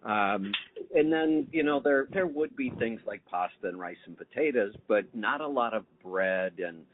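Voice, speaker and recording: A man's voice: lowish voice, animated, moderate pace, a little hiss or hum. A middle-aged man hosting a casual interview, asking questions and sharing opinions in a conversational way. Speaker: podcast host. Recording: tinny phone-line audio.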